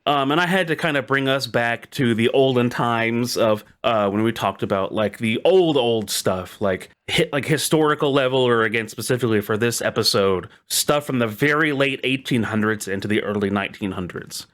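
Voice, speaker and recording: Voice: medium pitch, moderate pace, hardly any pauses, fairly bright tone. A podcast co-host in casual chat, talking in a rambling, hesitant way with many fillers.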